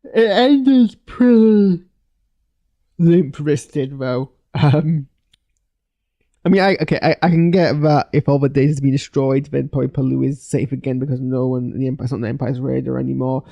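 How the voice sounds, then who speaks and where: Rambling man with a mellow voice. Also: medium pitch, moderate pace, creaky, lo-fi sound. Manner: rambling, many restarts and fillers. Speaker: show reviewer. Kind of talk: casual live reaction commentary.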